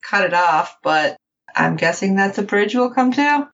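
A woman co-hosting a casual recap show, animated and acting out the characters' lines as she tells it. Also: medium pitch, unhurried, highs cut off. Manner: animated, quotes characters in playful voices. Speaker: podcast co-host.

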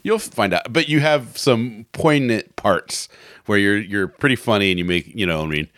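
A man's voice: fairly low pitch, normal speed, a bit bright, a little hiss or hum. A man hosting a podcast in a casual, rambling way, often laughing and restarting his sentences. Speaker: podcast host.

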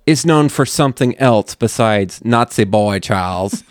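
A man's voice: lowish voice, animated, a little slow, dry recording, studio quality. A man co-hosting a podcast in casual comedic chat, going from crude jokes to mock-ominous storytelling. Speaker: podcast co-host.

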